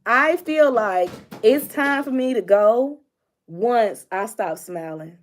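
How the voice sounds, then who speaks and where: A bubbly young woman talks straight to her viewers in a casual vlog chat about relationships. She is animated and expressive, laughing often as she goes. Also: on the high side, takes it slowly. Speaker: vlogger giving relationship advice. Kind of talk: casual direct-to-camera chat.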